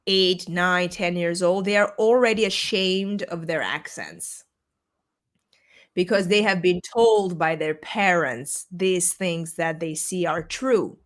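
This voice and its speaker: A woman's voice: fairly low pitch, slow. A woman whose first language is Armenian, hosting a podcast over a video call, talking in an earnest, reflective way and searching for her words. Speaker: podcast host. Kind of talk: casual video-call conversation. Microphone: remote call microphone.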